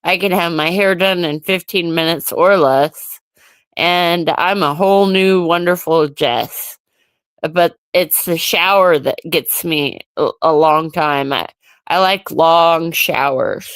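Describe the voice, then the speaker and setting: Woman streamer, slow and dry, ranting at chat. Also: on the low side, fairly even intonation, clear, resonant tone, no room sound. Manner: ranting, irritated, reacting to chat. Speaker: livestream host. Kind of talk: casual solo livestream chat.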